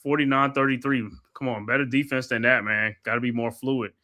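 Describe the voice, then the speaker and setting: A man calling a basketball game live for a watch-along stream, with a bright, forceful voice at a middling pitch. He mixes quick play-by-play with slangy, excitable chat and flares up whenever a call goes against his team. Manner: excitable, slangy, quick bursts of outrage at calls. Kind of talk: live play-by-play commentary mixed with casual chat.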